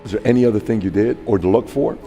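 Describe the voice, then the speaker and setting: A male podcast host asking long, rambling questions with halting restarts. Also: lowish voice, warm tone. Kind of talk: interview questions. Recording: reverberant room with background music.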